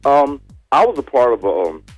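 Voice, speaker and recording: A man from Detroit, a band leader, talking in a relaxed, joking way as a phone-in radio guest. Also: medium pitch, normal speed, no echo, faint music behind.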